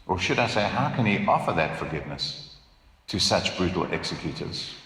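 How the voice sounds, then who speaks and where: A pastor preaching a sermon in a church, earnest and emphatic, asking rhetorical questions. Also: male voice, low voice, expressive, moderate pace, a bit bright, reverberant, in a large hall, a little hiss or hum.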